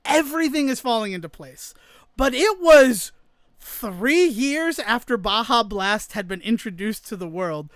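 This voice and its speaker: High-voiced man telling a story animatedly. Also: measured pace, dry recording. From New England, United States. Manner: animated storyteller, acts out quoted dialogue. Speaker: podcast co-host. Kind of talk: casual storytelling chat.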